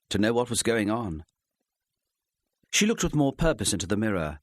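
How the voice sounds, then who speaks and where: A man with a lowish voice narrates an audiobook in a measured, expressive way. It's scripted narration, recorded dry with clean studio sound.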